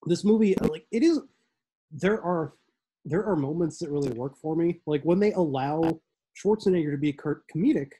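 This is a man co-hosting a film podcast. He speaks a little high for a man, with a mellow, slightly husky voice. His delivery is dry and deadpan. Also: normal speed, rough recording. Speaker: podcast co-host. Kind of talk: casual chat.

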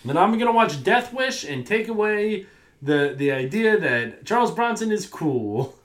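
A man co-hosting a film podcast in loose, excitable casual chat with swearing. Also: high-pitched, measured pace. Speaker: podcast co-host.

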